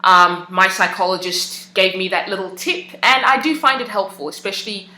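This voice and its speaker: Bright-voiced woman talking casually, echoey room. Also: mid-range voice, moderate pace. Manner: conversational, hesitant, many fillers and restarts. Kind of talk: casual personal talk.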